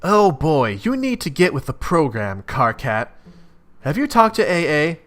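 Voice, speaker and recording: A man's voice: on the high side, very animated, a little slow, a bit bright, faint music behind, pitched above the performer's own voice. A man voicing a cheerful, cryptic young female troll. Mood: chipper.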